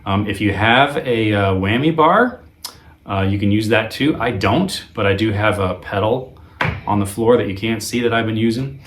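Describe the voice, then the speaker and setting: A man teaching a guitar lesson in a relaxed, conversational way, with frequent ums and uhs. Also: lowish voice, normal speed. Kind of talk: video lesson.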